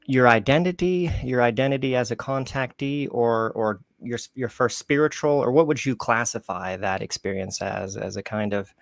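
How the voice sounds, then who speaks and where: A man's voice: mid-range voice, moderate pace, gravelly, few pauses, no room sound. A man hosting a podcast interview, asking long, rambling questions with frequent restarts. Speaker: podcast host.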